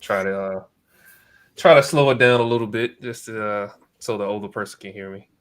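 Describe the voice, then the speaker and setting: A man co-hosting a casual podcast chat, speaking in a relaxed way with frequent hesitations; English is not his first language. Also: lowish voice. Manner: relaxed, speaks slowly and evenly, many "uh" fillers. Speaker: co-host, real estate investor.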